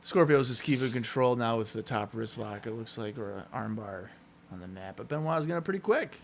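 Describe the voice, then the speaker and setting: A man rattles off quick, rambling commentary as he co-hosts a casual watch-along podcast, full of fillers and jokes. His voice sits mid-range for a man. A faint hiss hangs under the recording. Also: mid-range voice, lively intonation, vocal fry. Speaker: podcast co-host.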